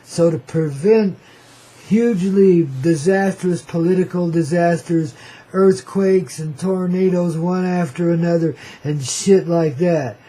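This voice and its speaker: A husky man hosts a freewheeling radio monologue, slangy, playful and cosmic. His voice sits a bit high for a man, with a mellow, dark tone. He rambles loosely and keeps calling listeners "baby". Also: measured pace, low-quality recording. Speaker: radio show host.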